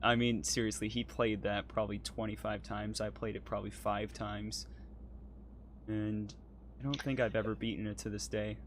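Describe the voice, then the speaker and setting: A man's voice: fairly low pitch, flat delivery, moderate pace, a little hiss or hum. A man co-hosting a casual chat while playing a game, hesitant and apologetic, with lots of ums. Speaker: podcast co-host playing a driving game.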